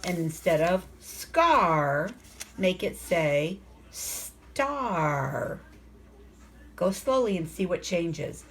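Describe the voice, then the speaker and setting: A woman teaching a phonics lesson to young children, sounding out letters slowly and asking the class coaxing questions. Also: lowish voice, very animated. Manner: slow, sounds out letters and words.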